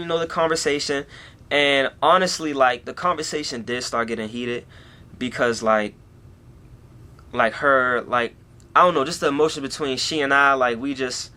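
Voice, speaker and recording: A man's voice: fairly high pitch, normal speed, pauses often, pushed and bright. A young man talking through a personal story on his vlog, rambling along with plenty of "you know" and "like" in a casual way. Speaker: YouTuber.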